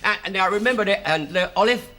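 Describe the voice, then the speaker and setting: A man's voice: high-pitched, quick pace, sharp tone. A man in a 1970s sitcom, trading cheeky jokes about paint. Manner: cheeky, jokey banter. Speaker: sitcom character, bus driver son.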